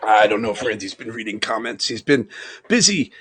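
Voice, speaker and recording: A man's voice: on the low side, lively intonation, a little fast, noisy background. A man in his fifties with a New York accent, hosting a casual live chat, rambling and chuckling as he talks. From Long Island, New York. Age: 50s. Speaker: livestream host. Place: home room, video call.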